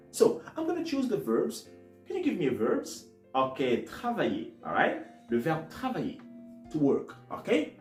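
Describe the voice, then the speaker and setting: A man teaching verbs in a casual online lesson, often checking in with "all right?". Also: on the high side. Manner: lively, repeats "all right?" after phrases. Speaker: French teacher. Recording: echoey room, soft guitar music.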